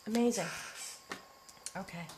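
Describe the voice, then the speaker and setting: A middle-aged woman giving a spiritual tarot reading, earnest and emotional, slowly drawing out her words and sometimes dropping to a near whisper. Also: mid-range voice, background noise. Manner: earnest and emotional, often choked up, breaking into soft laughs; slow, drawn-out delivery with soft near-whispered words. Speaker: tarot reader.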